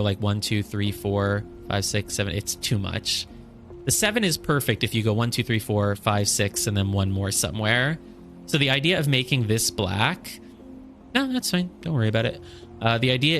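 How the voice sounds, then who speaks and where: A young man streams a puzzle game, thinking out loud as he counts squares and chides himself for his errors. His voice is on the low side with a fairly bright tone, and the talk is casual live gameplay commentary.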